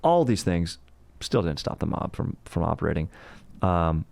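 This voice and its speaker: A man's voice: sits low, sing-song, moderate pace, vocal fry, darkish tone, dry recording. A man hosting a comedic history podcast, telling it in a rambling, joking and profane way. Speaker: podcast host. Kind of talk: casual comedic history talk.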